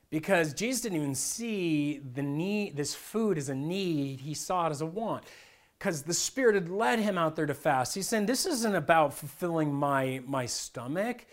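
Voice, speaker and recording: High-voiced man preaching a sermon. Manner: conversational, animated preaching with acted-out voices. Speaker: pastor.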